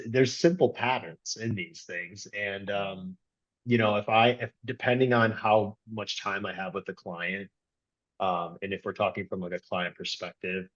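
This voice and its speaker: A man's voice: fairly low pitch, lo-fi sound. A man, a strength coach and podcast guest, talking casually and rambling with lots of restarts and fillers. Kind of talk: casual conversational interview.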